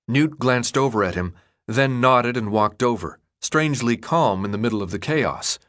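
A male audiobook narrator with a middle-pitched voice, reading in a steady, even storytelling manner. The delivery stays measured and controlled through long passages. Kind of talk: scripted narration.

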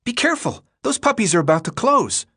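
A man voicing a chatty, evasive young boy who talks high and excited in a storybook reading. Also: normal speed. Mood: alarmed.

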